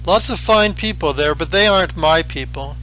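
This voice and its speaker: A middle-aged man delivers a lecture over slides, his voice bright and a touch higher than most men's. He keeps a dry, deadpan tone and slips in wry asides. A faint hum runs underneath. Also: moderate pace, poor audio. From western United States. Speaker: professor.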